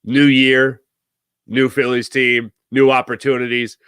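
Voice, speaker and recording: An American man hosting a sports talk show, speaking in a conversational, animated way with frequent restarts. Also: medium pitch, unhurried, smooth, no echo, studio quality. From United States. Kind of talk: solo sports talk commentary.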